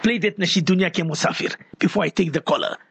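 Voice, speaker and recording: A man's voice: high-pitched, fast talker, creaky, fairly bright tone, husky, no echo. A man hosting a call-in radio show, rambling and repeating his words as he reads out listeners' messages.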